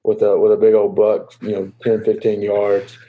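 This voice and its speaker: A young man, a baseball player answering interview questions in a halting, easygoing way full of fillers. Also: fairly low pitch, monotone, narrow, tinny audio. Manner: halting, lots of fillers and restarts.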